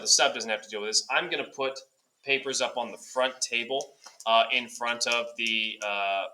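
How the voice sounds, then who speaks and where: A male teacher giving brisk step-by-step classroom instructions, lightly joking. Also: medium pitch, bright, forceful tone, rough recording. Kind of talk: classroom instructions recorded for a substitute.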